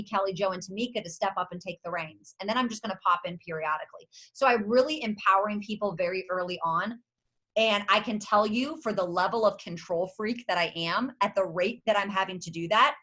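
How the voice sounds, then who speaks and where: Bright, emphatic woman coaching her team. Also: medium pitch. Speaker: network marketing team leader. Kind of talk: motivational leadership call. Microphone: video or conference call.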